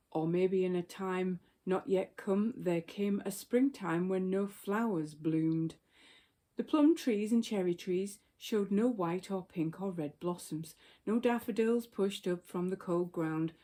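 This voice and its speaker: A woman reading a children's story aloud in a gentle, unhurried storytelling manner. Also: on the low side.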